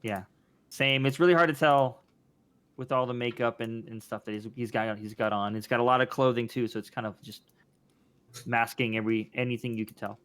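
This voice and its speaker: A man's voice: mid-range voice, fairly even intonation, a little fast, a bit bright. Man narrating as game master.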